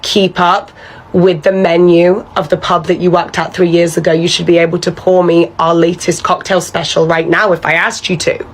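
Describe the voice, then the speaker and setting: A woman's voice: fairly low pitch, little pitch movement, normal speed, close to an everyday voice, poor audio. A woman playing Karen, the bossy pub manager. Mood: pompous. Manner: condescending, controlling, entitled. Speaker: manager character. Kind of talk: comedy sketch voice acting.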